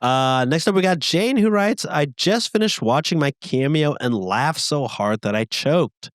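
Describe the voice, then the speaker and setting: Man reading fan mail with lively emphasis. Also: on the high side, measured pace, no room sound. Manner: reads fan letters aloud with lively, rising emphasis. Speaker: podcast co-host reading listener messages. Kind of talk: casual podcast chat.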